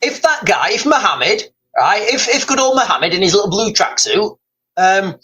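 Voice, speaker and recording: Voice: mid-range voice, big pitch swings, normal speed, sharp tone, low-quality recording. Rambling streamer, loose live chat with the audience, keeps saying "guys". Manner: rambling, repeatedly addressing viewers as guys. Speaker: livestreamer reading chat.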